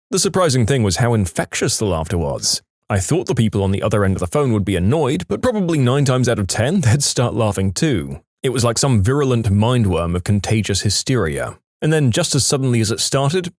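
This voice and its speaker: Lively man reading stories. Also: lowish voice, dry recording, clean studio sound. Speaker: narrator. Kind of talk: scripted storytime narration.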